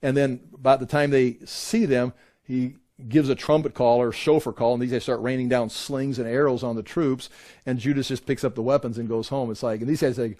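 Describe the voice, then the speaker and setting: A man's voice: mid-range voice, steady tone, brisk, mellow. A middle-aged man teaching a Bible class, pointing out places on photos and restarting his sentences often. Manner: rambling, with many restarts. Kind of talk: classroom lecture with slides.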